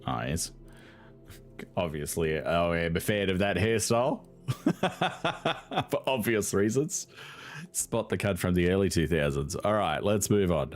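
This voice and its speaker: Brief: young male gaming host, low voice with a lively, swinging delivery, sarcastic and profane, faint music underneath. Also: takes it slowly. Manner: sarcastic, swears freely, laughs often. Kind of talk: casual gameplay commentary.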